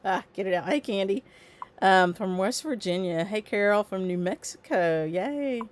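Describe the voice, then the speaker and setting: A woman's voice: medium pitch, expressive, moderate pace. A woman hosting a casual stitching livestream, chatting loosely with lots of ums and greeting viewers by name as their comments come in. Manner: chatty, rambling with frequent ums. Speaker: livestream host. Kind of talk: casual live-stream chat.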